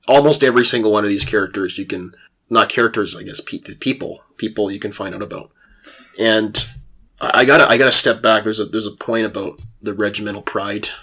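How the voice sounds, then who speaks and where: Lively bright-voiced male podcast host. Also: lowish voice, a little fast, breathy edge. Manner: animated storytelling, laughs, frequent restarts. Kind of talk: casual chat.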